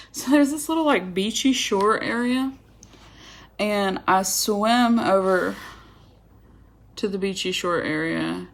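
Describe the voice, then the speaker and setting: A woman's voice: a little high, a bit bright. Chatty woman telling a story. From Georgia, USA. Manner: chatty, dramatic retelling. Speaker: vlogger. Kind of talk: casual storytime.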